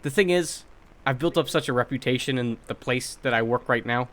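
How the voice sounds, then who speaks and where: A young man co-hosting a podcast in casual chat, telling workplace stories in a blunt, profane, animated way. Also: medium pitch, brisk. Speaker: podcast co-host.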